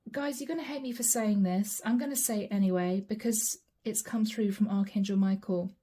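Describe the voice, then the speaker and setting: A woman gives a tarot reading in a loose, conversational way, often turning to her viewers to address them. Her voice is mellow and warm, with a soft, dark tone, and it sits at an ordinary middle pitch. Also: fairly even intonation, brisk. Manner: chatty, addresses viewers directly, reads cards aloud. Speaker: tarot card reader.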